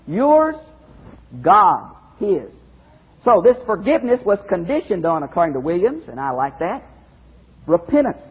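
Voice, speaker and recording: A man's voice: high voice, slightly rough. A man teaching as a pastor in a Bible study lecture, emphatic, repeating phrases and speaking straight to his listeners. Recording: phone-like narrow band audio.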